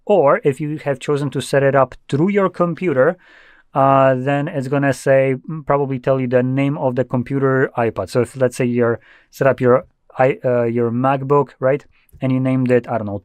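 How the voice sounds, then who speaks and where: A young man walks through a tech tutorial in a loose, offhand way, tossing in blunt asides. His voice sits in a middle pitch. The sound is dry and close, with no room around it. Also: steady tone, moderate pace, darkish tone, no room sound. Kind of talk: casual screen-recorded tutorial.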